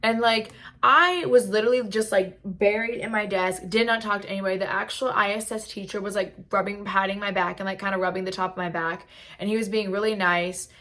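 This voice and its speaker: A woman's voice: medium pitch, steady tone, a little fast, a bit bright. A young woman telling a storytime vlog in a chatty way, leaning on "like" a lot. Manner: chatty, heavy use of "like". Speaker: vlogger. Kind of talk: casual storytime. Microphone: camera mic.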